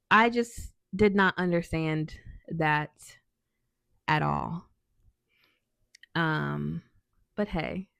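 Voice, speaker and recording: Woman vlogger, slightly low voice, dry close sound, chatty and sassy storytime. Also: vocal fry, no room sound. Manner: chatty and sassy, lots of "um" and restarts. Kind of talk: casual storytime.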